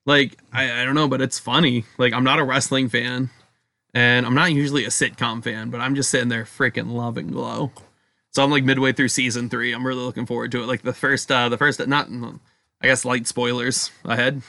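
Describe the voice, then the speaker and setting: A man's voice: medium pitch, little pitch movement, a little fast, creaky, bright, forceful tone, dry recording. A man, co-hosting a podcast in rambling, casual chat and laughing often. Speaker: podcast co-host.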